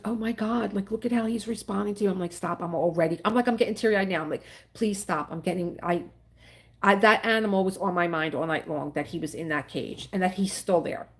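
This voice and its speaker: A middle-aged woman hosts a casual livestream, talking freely to her viewers. Her voice sits a little low, and she rambles from one story to the next, quick to get emotional. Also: vocal fry. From Philadelphia area. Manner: rambling, chatty, emotional about animals. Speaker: livestream host. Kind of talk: casual chat with live viewers.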